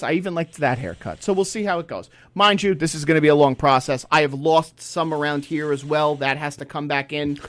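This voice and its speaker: A man co-hosting a casual podcast, telling a profane, animated story. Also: fairly high pitch, dry recording. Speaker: podcast co-host. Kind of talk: casual chat.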